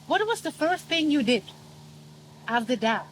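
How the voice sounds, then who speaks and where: Woman host, supportive, slightly higher voice, hiss in the background. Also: sing-song, unhurried. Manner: warm affirming backchannels, gentle questions. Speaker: podcast host. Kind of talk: interview.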